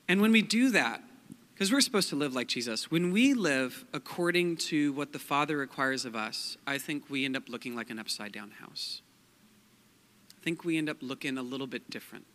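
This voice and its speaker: Casual young preacher in a big hall. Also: male voice, mid-range voice, fairly bright tone. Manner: chatty, joking, many fillers like "like" and "um". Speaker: pastor. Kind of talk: casual sermon. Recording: long hall reverb.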